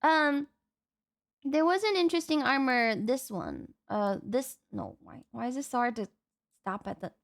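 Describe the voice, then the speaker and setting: A young woman streaming a casual live reaction, excitable, swearing and thinking aloud. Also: sits high, measured pace, gravelly.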